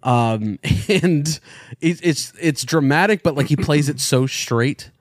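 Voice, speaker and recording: A man co-hosting a casual comedy podcast, talking with excitable, profane enthusiasm. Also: fairly high pitch, slow pace, no room sound, studio quality. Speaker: podcast co-host.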